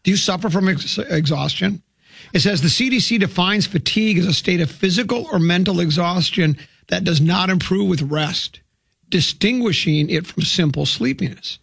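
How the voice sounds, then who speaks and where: A man's voice: sits high, normal speed, gravelly, fairly bright tone, breathy edge, no echo. A man hosting a radio talk show, reading health news aloud and breaking off for jokes. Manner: wisecracking, reads news items aloud with asides. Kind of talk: jokey morning show banter.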